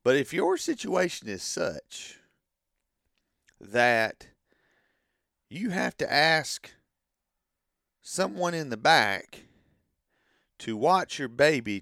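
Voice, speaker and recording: A man's voice: medium pitch, sing-song, slow pace, long pauses, a bit bright, no echo, studio quality. A man delivering an opinionated monologue as a wrestling fan, ranting and repeating himself, then hedging that it is just his opinion.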